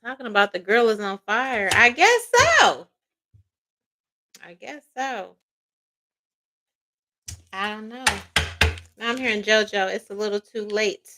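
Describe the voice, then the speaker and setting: A woman giving a casual tarot reading, loud, profane and laughing often, slipping into playful quoted voices. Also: medium pitch, a little slow, pauses often, noisy background. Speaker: tarot reader.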